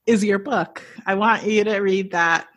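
A woman hosting a casual interview, encouraging and unhurried. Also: mid-range voice, background noise. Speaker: host.

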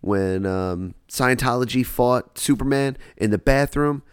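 A man's voice: medium pitch, unhurried, smooth. A man co-hosting a casual podcast chat, teasing his partner, swearing and laughing. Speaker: podcast co-host.

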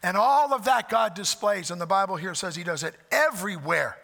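A man preaching a sermon, emphatic, swelling loud on repeated phrases, with folksy asides. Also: high voice, animated, a little fast, gravelly. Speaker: pastor. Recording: long hall reverb.

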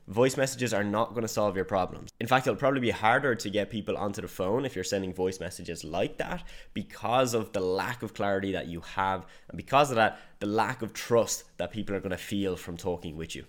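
A man talking as a business coach in an online course lecture, direct and conversational, with deliberately varied emphasis. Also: fairly low pitch.

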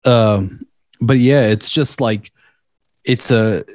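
A man's voice: medium pitch, slow pace, no echo. Rambling, profane man, dry close sound. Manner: rambling, profane, laughing at dark material. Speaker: podcast co-host. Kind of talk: casual podcast chat.

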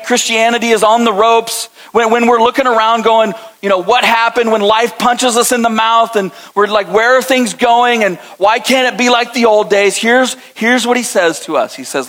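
Male pastor, middle-aged, high-pitched and impassioned, delivering a sermon to his congregation. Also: normal speed, few pauses, long reverb tail, low-quality recording. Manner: impassioned preaching, shifts between soft intensity and lively mock voices.

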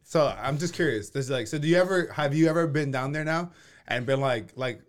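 A man's voice: a little high, fairly quick. A young man in casual podcast banter, full of fillers, pressing his friend with questions and laughing often.

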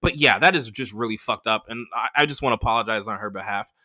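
A young man hosting a podcast, telling a profane, animated story in a casual monologue and acting out the voices of the people in it. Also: fairly low pitch, fast. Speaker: podcast host.

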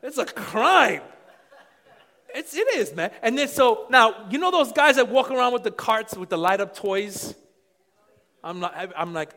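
High, bright-voiced preaching man. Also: expressive, normal speed. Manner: passionate preaching that swings from quiet asides to shouts. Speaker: pastor. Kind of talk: sermon.

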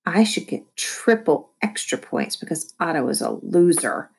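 A woman's voice: sits low, animated, unhurried, gravelly, a little mellow, breathy edge, full character voice. A woman voicing a bratty girl who snaps back at her brother in a storybook reading. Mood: smug. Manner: snapping, smug. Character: bratty girl, snappy older sister.

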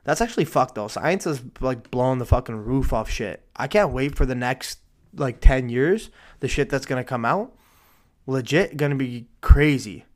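A man's voice: medium pitch, animated, moderate pace. Young man ranting, cursing. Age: 20s. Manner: profane, ranting, swings between muttering and outbursts. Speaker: commentator reacting to news stories. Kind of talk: casual solo commentary.

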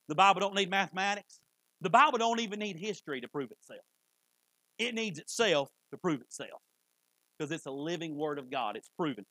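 A man's voice: high-pitched, pushed and bright, no room sound, poor audio. A man preaching a sermon, fervent and emphatic, repeating key phrases for weight. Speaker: pastor.

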